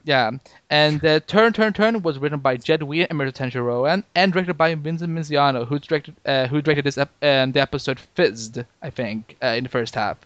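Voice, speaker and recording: A man hosting a podcast in casual chat, talking in halting bursts with lots of restarts and fillers. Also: on the high side, fairly bright tone, dry recording, muffled recording. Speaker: podcast host.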